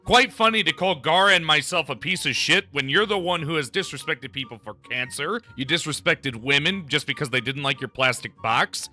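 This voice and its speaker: A man's voice: fairly high pitch, animated, normal speed, few pauses, pushed and bright, soft background music. A man from Germany ranting to his audience in a heated, insulting and sarcastic way. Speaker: YouTuber. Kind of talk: angry rant to camera.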